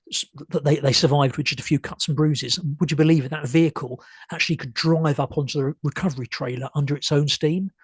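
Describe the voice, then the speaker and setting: A man's voice: medium pitch, breathy edge, no echo. A man giving an illustrated history talk, hesitant with many ums and restarts, and losing his voice a little.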